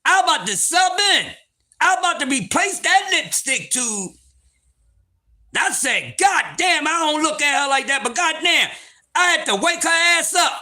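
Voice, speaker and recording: High, bright, loud-talking man. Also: animated, normal speed. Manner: loud, profane, laughing storyteller. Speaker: livestream host. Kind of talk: casual livestream storytelling.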